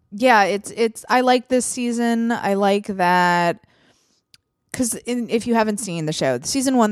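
A woman's voice: fairly low pitch, dry recording, clean studio sound. A woman hosting a podcast in casual chat, talking frankly with plenty of fillers and casual swearing. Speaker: podcast host.

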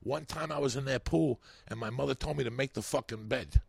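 A man's voice: medium pitch, a little fast, gravelly, husky, dry recording, studio quality. A man telling rambling, profane stories as a comedian guest on a podcast. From New York. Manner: animated, swearing, rambling.

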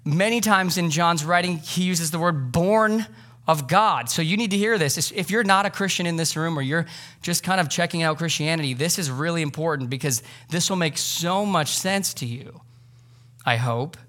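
A man's voice: fairly high pitch, normal speed, pushed and bright. Casual, conversational man preaching. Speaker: pastor. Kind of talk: sermon. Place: church sanctuary.

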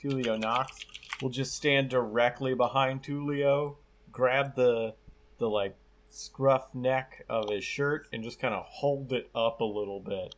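A man playing a tabletop game, speaking in a hesitant, halting way. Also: mid-range voice, fairly even intonation. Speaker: player. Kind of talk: casual tabletop play.

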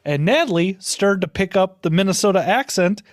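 A man chatting casually as a podcast host, easygoing and quick to laugh, with plenty of swearing. His voice sits a little higher than most men's. The sound is close and dry, with no room around it. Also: lively intonation, no room sound. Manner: laid-back, swears a lot, laughs often. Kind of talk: casual chat.

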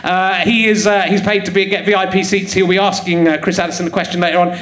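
On stage in an echoey theatre with the crowd laughing, a man hosting a live comedy podcast jokes, teases the audience and laughs often. His voice sits high and a bit bright, delivered flat and fast.

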